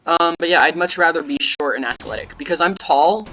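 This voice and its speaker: A young man giving casual, rambling gameplay commentary that breaks into sudden yelling at the game. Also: on the high side, fairly quick, hardly any pauses, noisy background. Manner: rambling, offhand, with sudden yelled outbursts at the game. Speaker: gaming YouTuber.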